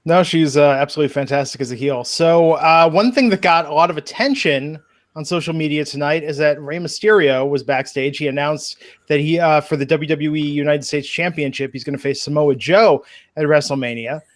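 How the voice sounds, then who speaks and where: Higher-voiced man recapping a show. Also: a little fast. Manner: recaps events, asks the panel questions. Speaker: podcast co-host. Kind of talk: casual podcast chat.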